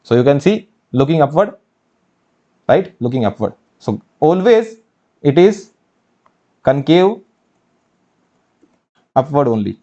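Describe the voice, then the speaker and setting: This is an online exam-prep lecture: a very animated man with an Indian English accent and a voice on the high side covers engineering mathematics slowly, with long pauses. His tone is mellow and the sound lo-fi, and he answers his own questions while repeating key phrases.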